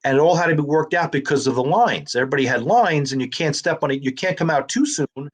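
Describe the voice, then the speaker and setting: A man's voice: on the high side, fast, breathy edge. A man, an actor and comedian telling stories in a casual conversation and acting out the dialogue. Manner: animated storyteller who acts out quoted dialogue.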